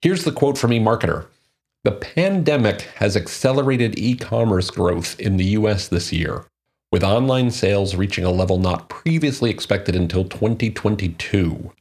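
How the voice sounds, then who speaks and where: Man, low husky voice, solo commentary, reads figures then drives home his points. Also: lively intonation, normal speed, darkish tone. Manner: reads quotes and statistics, then comments emphatically. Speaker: marketing commentator. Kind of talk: solo talk on digital marketing.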